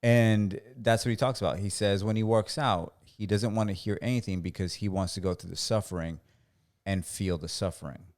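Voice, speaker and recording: A man's voice: on the low side, steady tone, moderate pace, a little mellow. A man co-hosting a casual podcast, chatty and joking. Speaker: podcast co-host. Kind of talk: casual studio podcast chat.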